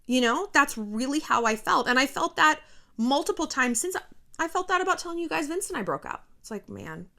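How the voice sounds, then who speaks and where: A woman's voice: sits high, big pitch swings, fairly quick, vocal fry, pushed and bright. A woman in her thirties hosting a casual motivational vlog, blunt and profane. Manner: blunt and profane, pep-talk tone. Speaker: YouTube host. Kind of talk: casual motivational talk to camera.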